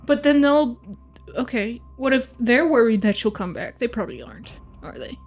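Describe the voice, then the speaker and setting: A woman player role-playing in a tabletop game, excitable and quick to swear. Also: on the high side, soft background music. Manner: excitable, swears often, laughs a lot. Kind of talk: in-character tabletop role-play.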